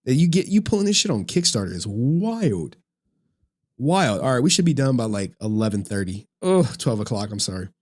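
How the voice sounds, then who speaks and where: A man streaming live, giving commentary in an animated, exasperated rant with frequent swearing. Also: mid-range voice, normal speed.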